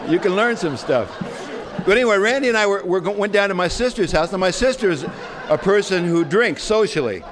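A man's voice: sits high, expressive, a little fast, crowd noise. A man sharing his story at a recovery meeting, rambling and self-deprecating with lots of fillers. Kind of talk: humorous personal storytelling.

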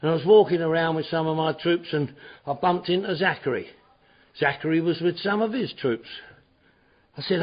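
A middle-aged man giving an animated personal talk at a recovery meeting, acting out his old self in his stories. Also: a little high, normal speed. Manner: animated storytelling, acts out his own past shouting. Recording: dull lo-fi recording.

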